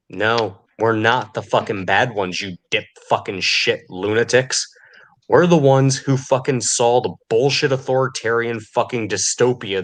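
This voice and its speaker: A man's voice: mid-range voice, fairly bright tone. A man delivering an angry, profane podcast rant, sneering and furious. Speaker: podcast host.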